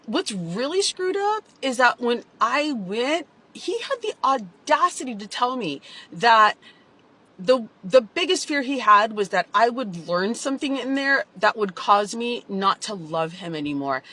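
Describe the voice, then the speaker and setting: A woman's voice: fairly high pitch, very animated, unhurried, bright, forceful tone, rough recording. A woman telling her own story in a candid vlog, emotional and confessional, with lots of "like".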